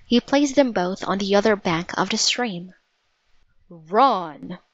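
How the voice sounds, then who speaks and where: A woman narrating a storybook in a measured, vivid read-aloud manner. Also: medium pitch, no room sound, dull audio.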